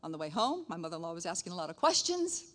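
A middle-aged woman, a nurse, shares a faith testimony in a lively way. She laughs often and acts out the dialogue. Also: fairly low pitch, racing. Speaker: speaker sharing testimony. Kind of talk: casual testimony storytelling.

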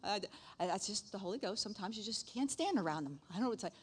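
A middle-aged woman at a mid pitch tells a church story in a casual, lively way. She laughs easily, acts out the voices of the people in it, and keeps the telling animated. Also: very fast, breathy edge. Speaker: nurse; speaker sharing testimony.

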